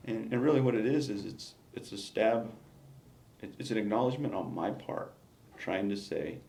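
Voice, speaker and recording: A gravelly man with a low voice talks in an exit interview. He reflects on his time as a battalion chief, stressing his points with emphasis and frequent restarts. The room sounds echoey, with faint noise behind. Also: moderate pace, darkish tone. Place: indoor meeting room.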